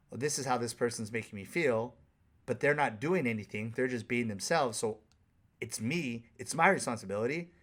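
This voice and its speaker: A man's voice: medium pitch, moderate pace, fairly bright tone. A man who works as a life coach, giving a candid, profane, conversational solo monologue on a podcast.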